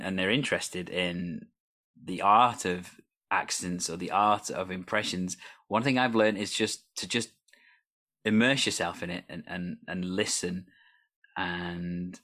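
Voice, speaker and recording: A man hosts a relaxed conversation, asking questions and rambling on with plenty of "um" and "like". His voice sits somewhat low for a man, and his manner stays friendly and unhurried. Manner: chatty, rambling, frequent fillers. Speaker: host. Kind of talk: casual chat.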